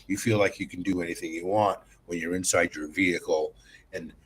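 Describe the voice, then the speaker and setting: A man's voice: low-pitched, steady tone, a little fast, a bit bright, slightly rough. A man talks on a round-table show in a chatty, wry way. His everyday complaints come across as casual conversation. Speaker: talk show panelist.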